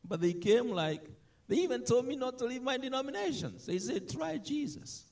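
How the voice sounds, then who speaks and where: A man preaching a sermon, animated, swinging between loud emphatic lines and soft asides. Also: very high voice, a little fast.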